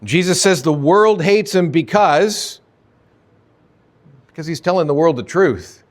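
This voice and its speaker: A man's voice: a little high, expressive, measured pace. A male pastor preaching an expository sermon in a conversational way, often asking rhetorical questions.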